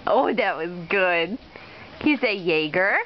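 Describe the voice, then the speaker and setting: A mother coaxing her toddler in high, sing-song baby talk and praising every try, filmed in a car. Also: animated, unhurried, slight background noise. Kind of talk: home video talking to a toddler. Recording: dull lo-fi home video.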